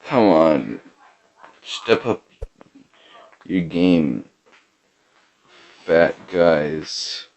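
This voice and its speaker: A man hosting a podcast, delivering a rambling deadpan comedy monologue full of fillers and hesitations. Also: sits low, extremely slow, pauses often, low-quality recording. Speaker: podcast host.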